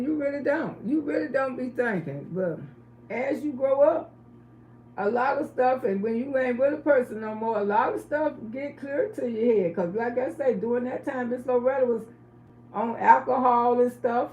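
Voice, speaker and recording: A woman's voice: high-pitched, a little mellow, echoey room. Middle-aged woman, livestream storyteller, blunt and chatty, faint background hiss. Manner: blunt, chatty, asks the audience questions. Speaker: livestream host.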